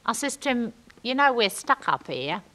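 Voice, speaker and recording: A chatty young girl. She rambles along in ungrammatical gossip, and her bright voice leaps up and down. The whole piece is a comic stage monologue. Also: a little high, sing-song, normal speed. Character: chatty working-class young London woman.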